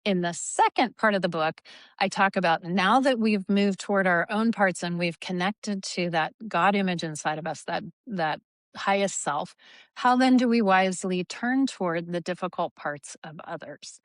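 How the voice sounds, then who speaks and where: A woman in her fifties, a therapist guest talking in an animated way and sometimes acting out angry lines. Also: lowish voice, normal speed, dry recording, studio quality. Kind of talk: conversational interview.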